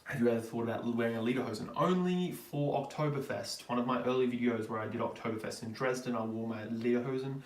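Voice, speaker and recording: A man's voice: medium pitch, fast, hardly any pauses, roomy sound, distant mic. An Australian man hosting a casual live Q&A stream, reading viewer questions aloud and rambling through his answers with lots of ums. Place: home in Germany.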